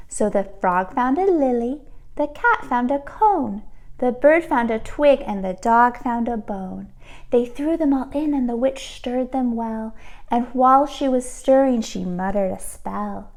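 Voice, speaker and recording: A woman teacher reading a storybook aloud to children, expressive and pausing to ask the listeners questions. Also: fairly high pitch.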